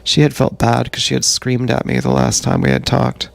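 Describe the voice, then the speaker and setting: A man's voice: mid-range voice, very animated, normal speed, vocal fry. A man live-streaming a rambling, profane monologue that sounds like he is talking to himself, recorded on an action camera mic. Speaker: vlogger.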